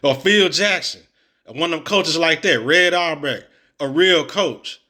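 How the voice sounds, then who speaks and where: Blunt, bright-voiced sports ranter. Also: male voice, fairly high pitch, a little slow. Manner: blunt, exasperated, slangy, mocking. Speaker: sports commentator reacting to clips. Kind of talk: opinionated reaction commentary.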